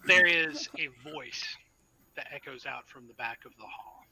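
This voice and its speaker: A man runs a tabletop game as storyteller, his voice sitting a touch high for a man. His tone is very bright and forceful, and he lays out scenes in a measured, descriptive way. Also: creaky, slight background noise, low-quality recording.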